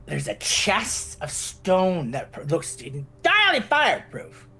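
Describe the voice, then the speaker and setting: A woman playing a tabletop role-playing game, excitable and quick to shriek and laugh. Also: lowish voice, breathy edge. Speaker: player. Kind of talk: in-character tabletop play.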